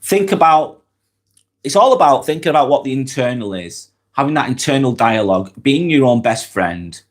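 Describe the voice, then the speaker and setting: Though he has a cold, this Lancashire man from northwest England keeps his casual live vlog going, reading viewer comments aloud and replying directly in a chatty way. His voice is mid-range and expressive, delivered at normal speed.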